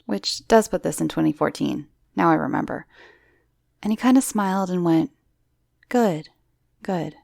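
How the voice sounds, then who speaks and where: A woman's voice: on the low side, moderate pace, vocal fry, a little mellow, no echo, studio quality. A woman host reading listeners' true horror stories aloud, with wry, swearing asides. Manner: wry, swearing asides between story lines. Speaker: horror story narrator.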